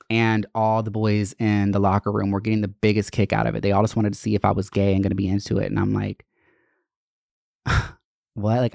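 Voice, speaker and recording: A man's voice: lowish voice, creaky, dry recording, studio quality. A young adult man hosting a podcast, telling stories in a casual, candid and profane way, with lots of fillers. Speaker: podcast host. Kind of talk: casual storytelling monologue.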